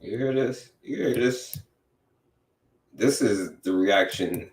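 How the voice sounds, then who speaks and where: A man's voice: on the low side, lively intonation, slow, echoey room. A man hosting a talk radio show, commenting on a played clip in a rambling, mocking way with lots of filler phrases. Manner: mocking and profane.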